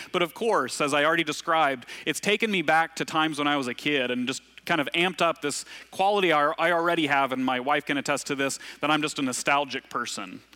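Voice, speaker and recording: Bright-voiced pastor from Arkansas. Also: male voice, on the high side. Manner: self-deprecating storytelling with asides and laughs. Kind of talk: conversational sermon.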